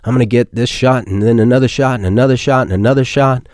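A man's voice: mid-range voice, quick pace, darkish tone, no room sound, studio quality, lightly acted. A man preacher putting on the voice of a fearful man hiding at home, in a fretful, mocking tone.

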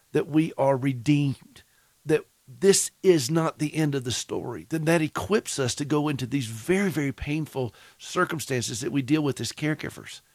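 A Southern-accented man hosts a radio show with a gravelly edge to his mid-range voice. The studio sound is dry and close, and he talks in long, reflective, encouraging stretches. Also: fairly high pitch, no room sound. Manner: reflective, encouraging, speaks at length. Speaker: radio host.

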